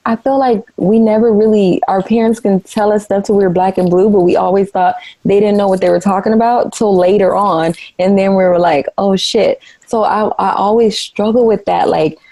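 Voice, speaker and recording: A woman's voice: mid-range voice, moderate pace, hardly any pauses, warm tone, dry recording, poor audio. A woman co-hosting a podcast, talking in a thoughtful, hesitant way with many fillers. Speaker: podcast co-host. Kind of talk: casual chat.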